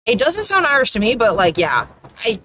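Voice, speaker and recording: A woman's voice: a little high, big pitch swings, moderate pace, fairly bright tone, slight background noise. A woman with an Atlantic Canadian accent, chatting casually as a streamer while gaming, rambling and often trailing off mid-thought.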